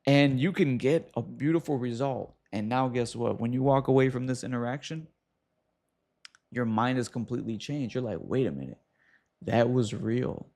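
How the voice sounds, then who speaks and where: Man, mid-pitch and gravelly, casual advice-talk host, animated delivery. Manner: animated, talks straight to viewer with quick asides.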